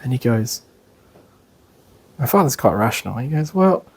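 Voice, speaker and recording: An Australian man giving a casual lecture, chatty and animated, with many fillers. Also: medium pitch, normal speed, creaky, husky. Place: class in a meeting room.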